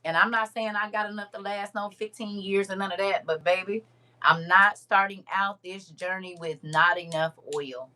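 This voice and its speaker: Laughing frequently, a livestream host reads her viewers' comments aloud with lively teasing in a casual stream. She has a medium-pitched voice and talks at normal speed.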